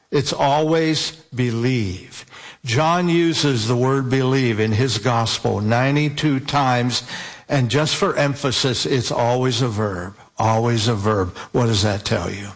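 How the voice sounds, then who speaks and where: A man preaching a sermon, slowly and deliberately, stretching out key words for emphasis. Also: mid-range voice.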